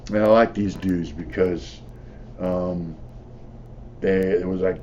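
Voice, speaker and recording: A man's voice: low-pitched, steady tone, slow pace, a little mellow, highs cut off, slight background noise. An older man, a former prisoner, telling his stories in a blunt, profane, rambling way with lots of "you know.". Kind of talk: casual storytelling.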